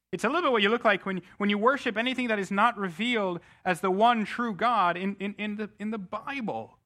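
A middle-aged man preaching a sermon as pastor, emphatic, often restarting words with quick repeats. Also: sits high, sharp tone.

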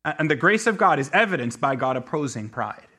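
A middle-aged man preaching a sermon, telling a story with many restarts and swinging between quiet asides and emphatic peaks. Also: on the high side, very animated, fairly quick. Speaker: pastor.

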